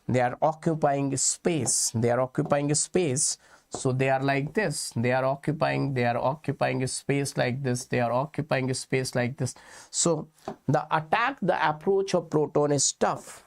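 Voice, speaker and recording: A male chemistry teacher with an Indian English accent explains slowly and deliberately, leaning on repetition to drive each point home. His pitch sits in an ordinary middle range, and he keeps checking whether his students are following. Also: steady tone, vocal fry. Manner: slow, repetitive explaining, addressing students as kids. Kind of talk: exam-prep lecture.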